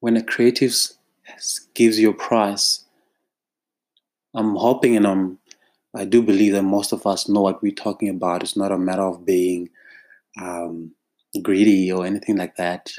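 South African male creative, direct-to-camera monologue; deliberate, exasperated delivery, low-pitched and unhurried. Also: flat delivery, a little mellow. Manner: emphatic, exasperated, drawn-out phrasing. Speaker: freelance creative professional.

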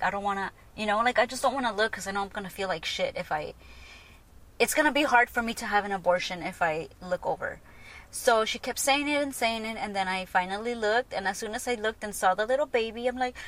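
A woman in her thirties tells her own story on her podcast, frank and conversational, with fillers scattered through her talk. Her voice sits at an ordinary middle pitch for a woman. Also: fairly bright tone. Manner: candid, chatty, full of "like" and "you know". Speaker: podcast host. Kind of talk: personal storytelling monologue.

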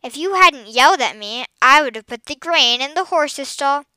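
A woman's voice: high voice, lively intonation, moderate pace, sharp tone, dry recording, voice pushed up. A woman voicing a cheerful, mischievous red-haired boy in a read-aloud story, breezy and playful.

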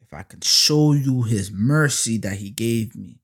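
A man hosting his own faith podcast, talking casually but preaching hard. He uses slang and fillers, and he swells louder and slower on lines of praise. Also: fairly low pitch, breathy edge. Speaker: podcast host. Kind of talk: faith-based podcast monologue.

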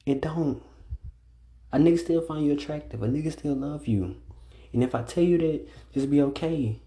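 A young man talks straight into his own podcast, alone and unscripted. His voice is dark and mellow, his delivery blunt and full of profanity, and he leans harder on his points as he goes. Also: on the high side, normal speed. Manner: blunt, profane, ranting with rising emphasis. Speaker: podcast host. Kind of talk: solo casual podcast monologue.

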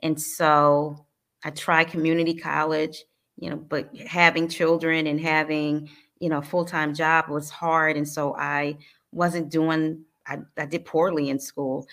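A woman from New Jersey speaks as an interview guest in a low, fairly level voice. She recounts her personal story in an earnest, halting and emotional manner, with frequent restarts. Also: level tone, a bit bright. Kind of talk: personal life story in conversation.

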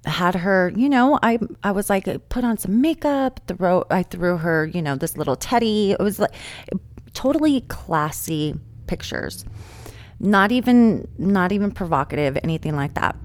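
A woman's voice: mid-range voice, moderate pace. A woman hosting a casual conversation, telling stories animatedly and acting out what others said. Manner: animated storytelling, acts out quotes. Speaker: host.

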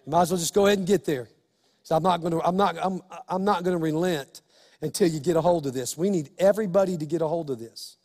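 A male pastor preaching an impassioned sermon, building to shouts. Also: a little high, fast talker, long reverb tail.

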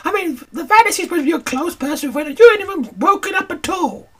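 A woman's voice: very high-pitched, animated, quick pace, fairly bright tone. A woman voicing a chatty older grandmother in a comedy audio drama, who rambles theatrically and calls everyone "honey child". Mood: grieving. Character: chatty older grandmother who brags about royal encounters.

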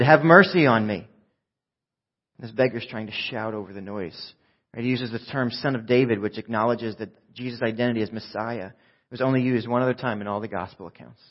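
A man preaching a sermon in a conversational way, swinging from loud shouts down to hushed, quiet speech. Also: medium pitch, lo-fi sound. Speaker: pastor.

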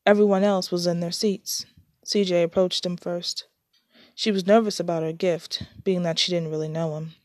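A woman reads her story aloud in a plain, unhurried way, now and then stumbling and restarting a phrase. Her voice is fairly low. The recording is close and dry, with no room around it. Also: little pitch movement, a little mellow, no room sound.

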